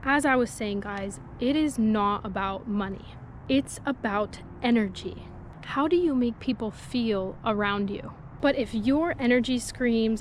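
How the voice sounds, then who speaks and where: A woman's voice: fairly high pitch, a little slow. Chatty young woman vlogging outdoors. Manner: chatty and joking, quiet asides to viewers. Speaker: fishing vlogger. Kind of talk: casual vlog talk to camera. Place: outdoors by the water. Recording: faint outdoor background noise.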